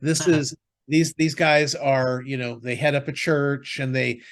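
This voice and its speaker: Fairly even intonation marks this man's medium-pitched voice as he co-hosts a podcast at a measured pace. He rambles casually about TV shows and films, with many fillers and restarts.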